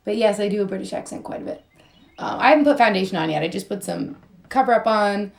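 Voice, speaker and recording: A woman's voice: medium pitch, fast, vocal fry. A young woman rambling in a goofy, sing-song way as she chats on a live stream while doing her makeup, her voice a bit strained. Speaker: model and influencer.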